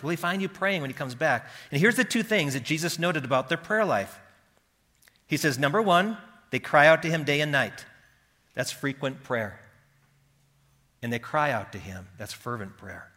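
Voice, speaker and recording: A male pastor delivers a sermon in a slightly high, bright and forceful voice. His delivery swings between quiet, hushed lines and loud, impassioned pleading. The sound carries a long reverb from the church hall.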